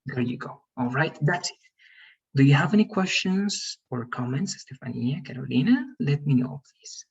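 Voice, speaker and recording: A man's voice: mid-range voice, lively intonation, normal speed, gravelly, husky. A man teaching an online English class, giving patient, repetitive instructions and checking in often with his students. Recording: distant, muffled video call audio.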